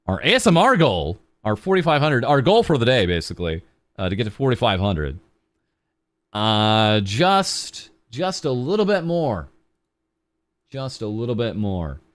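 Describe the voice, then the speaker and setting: A man's voice: medium pitch, big pitch swings, moderate pace, dry recording. A young man streaming as a VTuber, chatting casually and rambling with a self-mocking, filler-heavy way of talking. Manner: rambling, self-mocking, with lots of ums and uhs. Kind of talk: casual charity livestream chat.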